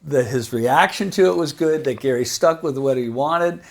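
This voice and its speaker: Husky seventy-year-old man telling stories. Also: a little high, normal speed. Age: 70s. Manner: rambling, animated, laughs while telling stories. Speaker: guitar maker and company founder. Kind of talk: casual interview storytelling.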